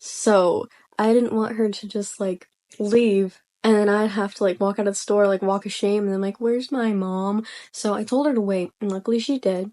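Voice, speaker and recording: A soft-spoken young woman casually telling a personal story, rambling and hesitant with lots of fillers. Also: medium pitch, steady tone, moderate pace. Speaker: vlogger.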